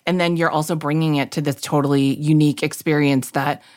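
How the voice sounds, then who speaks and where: A woman co-hosting a podcast, speaking in a steady, reassuring way. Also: low voice, brisk. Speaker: podcast co-host. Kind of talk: casual podcast chat.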